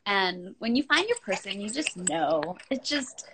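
A woman in her thirties chatting at home on a live video call, talkative and quick to laugh. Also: medium pitch, very animated. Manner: chatty and laughing, breaks off to talk to her small children. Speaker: guest on a livestream chat. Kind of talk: casual video-call chat. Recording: noisy video-call audio.

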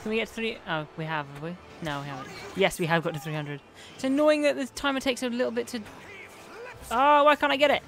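An excitable man commentates his own gameplay, often yelling out at what happens on screen. His pitch swoops up and down in a lively way. The talk runs on in a loose, chatty let's-play style. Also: fast talker, soft background music. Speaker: gaming channel host.

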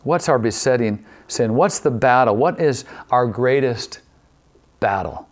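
A man preaching a sermon as pastor, repeating key phrases and asking the same question again and again, slowing down to stretch out certain words. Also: mid-range voice, lively intonation. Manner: poses repeated rhetorical questions; shifts pace, drawing some words out.

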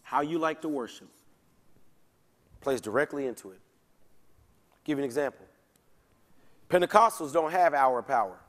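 A man's voice: mid-range voice, animated, normal speed, long pauses. A man, a pastor, teaching a Bible study in a conversational, folksy way. He keeps checking in with his listeners and slips into casual slang. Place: church sanctuary. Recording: long church hall reverb.

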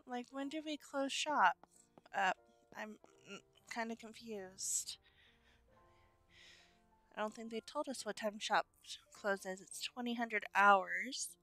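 A woman's voice: a little high, slow, long pauses, pushed and bright, faint music behind. A young woman hosting a gaming channel, chatting casually as she plays and cheerfully greets her game customers. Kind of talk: casual gameplay commentary.

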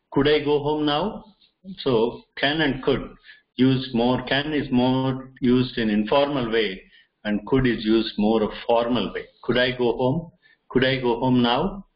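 A man's voice: medium pitch, muffled recording. A man teaching an English grammar lesson, explaining patiently and reading out many example sentences with frequent restarts.

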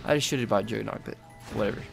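A young man giving live gameplay commentary, excitable and rambling, swearing and yelping often. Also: fairly low pitch, racing, creaky, faint music behind.

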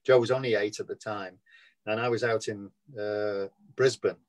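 A man's voice: lowish voice, steady tone, normal speed. Scouse man telling rambling showbiz stories. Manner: rambling storyteller, acts out quoted voices. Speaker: actor being interviewed. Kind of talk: casual anecdotal chat.

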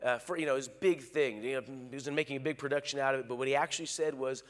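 Man, pastor, sermon, animated, acts out quotes, long church reverb. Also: mid-range voice, fast, few pauses. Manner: animated preaching with acted-out quotes. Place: large church hall.

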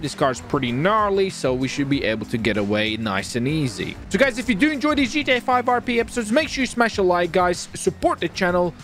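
A man streaming game role-play, talking to viewers in a joking, excitable way and swearing freely. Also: on the high side.

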